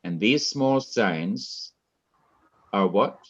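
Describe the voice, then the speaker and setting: A man teaching a Hebrew class, explaining slowly and repeating key points for his students. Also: lowish voice, animated, lo-fi sound. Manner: slow, repetitive, deliberate explaining. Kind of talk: classroom lecture.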